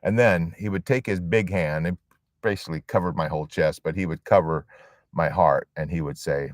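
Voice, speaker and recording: Support group leader, male, very low voice, dramatic pauses, dry sound. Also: dry recording. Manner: dramatic pauses, emphatic storytelling. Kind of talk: storytelling sermon.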